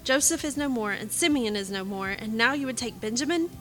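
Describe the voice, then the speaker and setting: A woman reading the lines of a grieving old father who fears losing his youngest son, in a measured way. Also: a little high, lively intonation, fairly bright tone, faint music behind. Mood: sorrowful.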